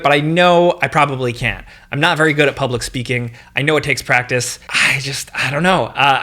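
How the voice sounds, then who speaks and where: A man with a slight New York accent hosting a casual Q&A chat about games, his voice high and jumping around as he rambles and restarts his sentences. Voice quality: high, animated voice. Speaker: gaming video host.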